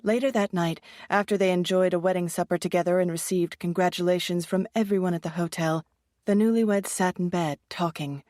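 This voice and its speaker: A woman narrating an audiobook thriller with steady, even storytelling. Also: fairly low pitch, moderate pace, no room sound, clean studio sound. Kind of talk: scripted narration.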